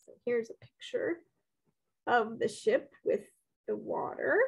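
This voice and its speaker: A woman reading a storybook aloud, giving the dialogue expressive voices. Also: a little high, slow, gravelly, husky, rough recording.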